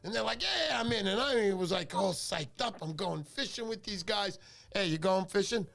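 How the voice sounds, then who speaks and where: A man hosting a fishing livestream, chatting in an animated, joking, rambling way. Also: high-pitched, moderate pace, creaky. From New York. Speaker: livestream fishing show host. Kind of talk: casual livestream chat.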